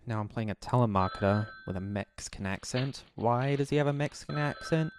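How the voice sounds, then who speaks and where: A man's voice: medium pitch, fairly quick. A man giving a director's commentary on his old videos, self-mocking and laughing often. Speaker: YouTuber.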